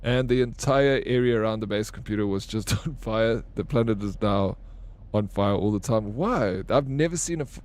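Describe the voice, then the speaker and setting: A man's voice: on the low side, normal speed, a little mellow. A young man streaming a video game, joking and bantering with his chat, swearing freely. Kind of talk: casual live-stream chat while gaming.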